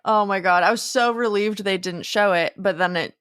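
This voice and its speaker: A woman co-hosting a casual film podcast, reacting in an expressive, exclamatory way. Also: mid-range voice, normal speed, clean tone, no echo, clean studio sound. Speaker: podcast co-host.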